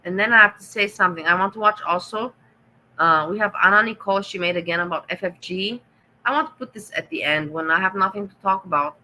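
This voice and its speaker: A middle-aged woman with a German accent talks on a casual livestream, answering her chat directly. Her voice is bright and forward, and her manner is sarcastic and teasing, with blunt jabs at the viewers she addresses. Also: mid-range voice, fast talker, slight background noise, poor audio. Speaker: livestream host reading chat.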